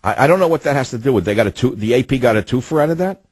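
Husky-voiced ranting radio host, a man. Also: mid-range voice, animated, very fast, a little mellow, no echo. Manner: indignant, ranting commentary; sardonic asides. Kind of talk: talk radio monologue.

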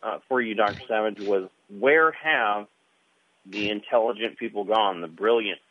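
A man's voice: lowish voice, moderate pace. A man from California calling in to a radio show, hesitant and full of fillers. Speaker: radio caller. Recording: tinny phone line, distant.

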